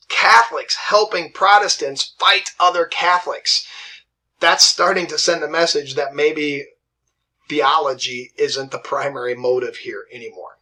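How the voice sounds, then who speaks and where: A male history teacher lectures in a loose, conversational way. His voice sits a little high and rings bright and forward. He keeps checking in with his students and slips into brief impressions of the figures he describes. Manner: chatty, asks "right?" often, acts out historical figures in quick asides. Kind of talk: casual classroom lecture.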